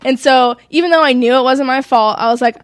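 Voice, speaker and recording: A woman's voice: high-pitched, fast talker, no echo. A woman in casual chat, recounting a falling-out through quoted dialogue. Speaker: guest.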